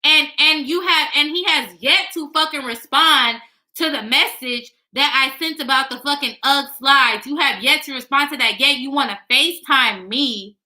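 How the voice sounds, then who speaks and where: Young woman vlogger, high and very bright voice, blunt, swearing, exasperated casual talk to camera. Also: normal speed. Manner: frank, heavy swearing, exasperated ranting.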